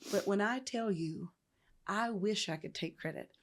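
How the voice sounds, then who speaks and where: A middle-aged woman tells her story in an interview. She is emphatic and animated, and she acts out the voices of the people she quotes. Her pitch sits in a middle register. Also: measured pace. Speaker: nonprofit founder, guest.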